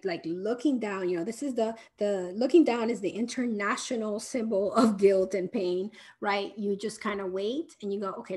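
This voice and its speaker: Soothing, fairly high-voiced woman giving parenting advice. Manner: explanatory, frequent "right?" check-ins; soft soothing tone at times. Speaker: parenting educator. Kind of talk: live Q&A advice talk.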